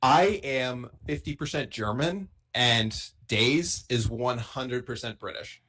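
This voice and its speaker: A man co-hosting a casual live podcast, relaxed and chatty. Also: mid-range voice, slow. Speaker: podcast co-host. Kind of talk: casual chat.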